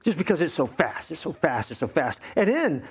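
A man's voice: on the high side, big pitch swings, fairly quick, slightly rough. A middle-aged man preaching a sermon as pastor, conversational and joking.

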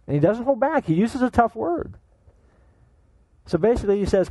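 High, lively-voiced preaching man. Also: normal speed, long pauses, no room sound, poor audio. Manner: animated, joking, full of rhetorical questions. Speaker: pastor. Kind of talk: sermon.

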